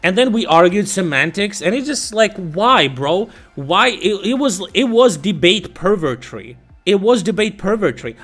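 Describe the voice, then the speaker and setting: Young man ranting, swearing, slightly high. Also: lively intonation, unhurried, hardly any pauses, fairly bright tone, faint music behind. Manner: profane, ranting, exasperated storytelling. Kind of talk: casual chat.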